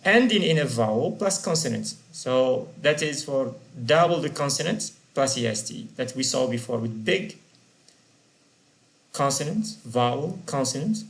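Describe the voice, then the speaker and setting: A man's voice: medium pitch, lively intonation, a little slow. Man teaching grammar, spelling out endings. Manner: asks questions of the learners and answers them himself; spells out word endings letter by letter. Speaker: English teacher. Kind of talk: grammar lesson.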